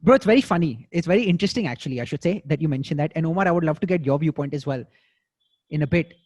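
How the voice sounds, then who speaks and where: A young man with an Indian accent hosting a podcast in casual chat. He talks in an animated way, swears freely and repeats words as he goes. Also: a little high, very fast, no echo. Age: young adult. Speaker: podcast host.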